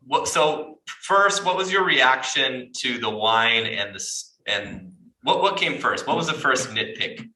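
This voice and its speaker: A man's voice: medium pitch, animated, unhurried, sharp tone, recorded from a distance. A man hosting a podcast, asking probing follow-up questions. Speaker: podcast host. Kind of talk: interview questions. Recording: echoey room, off-mic, faint noise.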